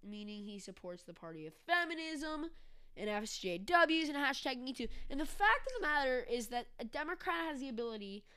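A woman's voice: high-pitched, lively intonation, a little fast, bright, forceful tone, clear, resonant tone. A woman hosting a casual political commentary podcast, ranting sarcastically. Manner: sarcastic, ranting, mocks with put-on voices. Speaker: podcast host.

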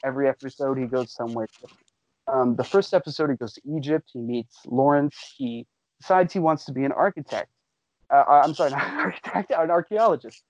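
A man hosting a casual podcast, excitedly recapping a show for friends and swearing freely. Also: medium pitch, fast, no room sound, muffled recording.

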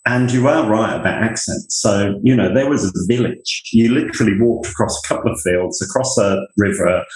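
Man, Northamptonshire accent, middle-aged, rambling self-deprecating storyteller, low voice. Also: a little fast, reverberant, rough recording. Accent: Northamptonshire English. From England. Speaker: interview guest, university leader. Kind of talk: conversational interview.

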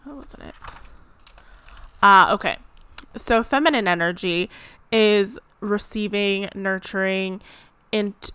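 A woman's voice: mid-range voice, pushed and bright, smooth, dry recording. A woman vlogging in a casual, rambling chat, with lots of "like" fillers and self-corrections. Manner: chatty, rambling, frequent "like" fillers. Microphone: close mic.

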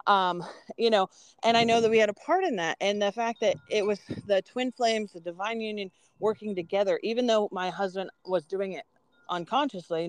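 Woman podcast co-host, smooth clear voice, dry close sound, earnest and rambling, lots of ums. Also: medium pitch, no echo. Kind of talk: casual podcast chat.

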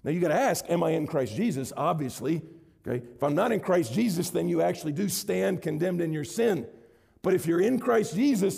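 A middle-aged man preaching a sermon, building to loud, emphatic, high-pitched stretches. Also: animated, a little fast, gravelly, breathy edge, big-room sound. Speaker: pastor.

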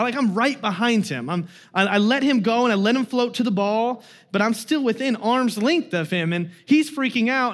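A young adult man giving a sermon as a guest preacher, telling a family story in a casual way with many fillers. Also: high voice.

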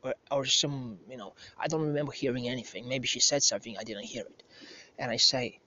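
A man in his thirties tells a rambling story in casual talk, swearing freely and often backing up to correct himself. His voice is bright and forceful. The recording sounds slightly muffled and lo-fi. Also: medium pitch, fairly even intonation, fairly quick, slight background noise. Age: 30s. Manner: profane, rambling, self-correcting. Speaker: podcast host. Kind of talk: casual anecdote telling.

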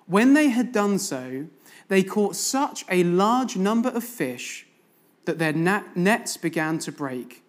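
A man giving a sermon as a guest preacher in a church, telling a story and putting questions to the congregation. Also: high voice.

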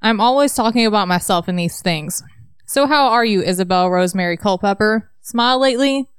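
A woman's voice: medium pitch, a little fast, clear, resonant tone, no echo, close to an everyday voice. A woman reading aloud as a young male rock musician who leaves wry, self-mocking, rambling voicemails. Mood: rueful.

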